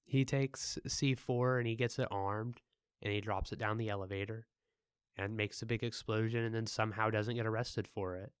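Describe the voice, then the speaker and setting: Young male co-host, lowish voice, dry close mic, laid-back and jokey. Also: fairly even intonation, normal speed, clean tone, dry recording. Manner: laid-back, joking, with crude asides. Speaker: podcast co-host. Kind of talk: casual chat.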